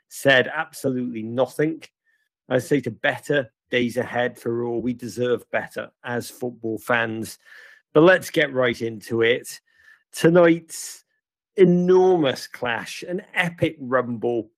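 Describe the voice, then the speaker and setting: A man's voice: mid-range voice, no echo. A man hosting a football review show, giving a scripted match-review monologue in a sardonic, theatrical, wry way.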